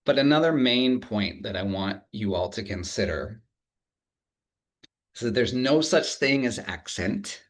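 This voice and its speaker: Low-voiced lecturer with frequent restarts. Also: male voice. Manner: relaxed, humorous, thinks aloud with many restarts. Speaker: university lecturer. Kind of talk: academic lecture.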